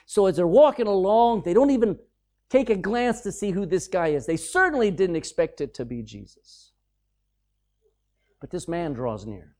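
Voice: mid-range voice, big pitch swings, normal speed, darkish tone. A preacher giving a sermon, reading scripture aloud and explaining it in a conversational, folksy way.

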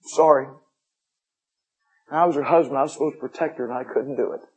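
Husky preacher man. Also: medium pitch, rapid-fire, rough recording. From United States. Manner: folksy, swings from upbeat jokes to hushed intensity. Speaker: missionary pastor. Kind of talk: sermon with personal stories.

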